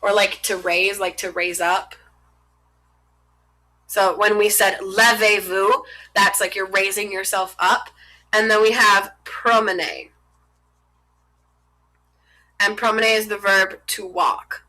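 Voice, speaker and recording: A woman's voice: medium pitch, fairly even intonation, a little slow, pushed and bright, rough recording. A young adult woman, a French teacher, explaining verb conjugations in a chatty, informal way while writing on a board. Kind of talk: casual classroom explanation.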